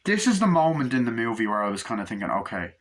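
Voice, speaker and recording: A man's voice: mid-range voice, very animated, rapid-fire. A man giving a casual, rambling movie review, talking loosely, restarting often and swearing freely.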